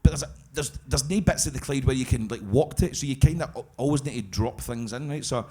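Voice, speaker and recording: A man's voice: medium pitch, fast, darkish tone, husky. A Scottish man from Glasgow tells stories at a live podcast show. He swears freely, laughs through his own stories and keeps stumbling into fresh starts. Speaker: guest storyteller.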